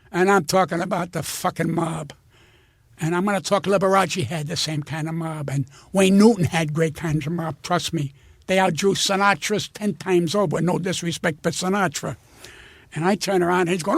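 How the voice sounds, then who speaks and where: An older man telling profane, animated showbiz stories as a comedian guest, breaking into shouted impressions. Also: high voice, fairly quick, vocal fry, breathy edge, dry recording, clean studio sound. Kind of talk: storytelling interview.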